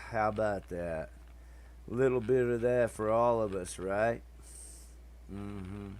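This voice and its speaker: A man hosting a show in casual chat, telling crude joking stories in a slow drawl with swearing. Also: fairly low pitch, darkish tone. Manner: crude, joking, storytelling banter. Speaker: podcast host introducing songs.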